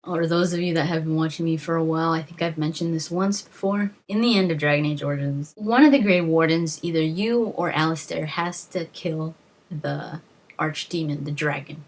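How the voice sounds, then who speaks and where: A woman with a husky, breathy voice that sits fairly low for her sex. She tells a long story in a casual gaming vlog, emotional and rambling, with many fillers and restarts along the way. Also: fairly even intonation, moderate pace. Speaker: gaming video host.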